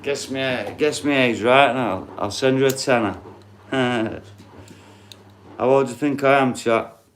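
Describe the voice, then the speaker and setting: Taking it slowly with long pauses, a man in his late forties from Yorkshire, England, chats to his live-stream audience in a mid-range voice and a Yorkshire accent. He swears freely and speaks directly to the chat, over a noisy background.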